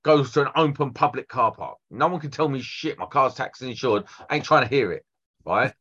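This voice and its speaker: A man's voice: mid-range voice, animated, brisk, fairly bright tone, slightly rough. A man, a guest electrician telling blunt, sweary stories in casual chat. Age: 40s. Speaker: electrician guest on a trade podcast. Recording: dull lo-fi podcast audio.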